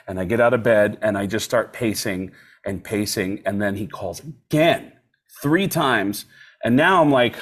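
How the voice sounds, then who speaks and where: A male comedian on a podcast, telling a story in an animated way and acting out each voice in it. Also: fairly low pitch, unhurried. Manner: animated, acts out every voice in the story. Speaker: comedian guest.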